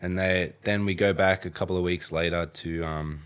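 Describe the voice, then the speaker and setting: A man's voice: deep voice, steady tone, moderate pace, fairly bright tone, clean tone. A young Australian man with an Australian accent, candidly recounting his story in a documentary interview. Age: young adult. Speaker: documentary subject.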